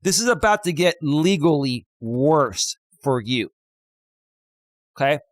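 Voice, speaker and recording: A man's voice: a little high, lively intonation, slow pace, no echo. A man hosting a livestream, ranting in a combative, taunting way and repeating himself for emphasis. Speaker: livestream host. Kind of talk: confrontational livestream rant.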